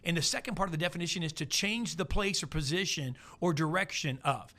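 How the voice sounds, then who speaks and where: A man delivers a motivational talk in a slightly raised voice. He talks in a folksy, storytelling way and slows right down to repeat the lines he wants to land. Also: on the high side, a bit bright. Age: 40s. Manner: folksy, repeats key lines slowly for emphasis. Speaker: motivational speaker.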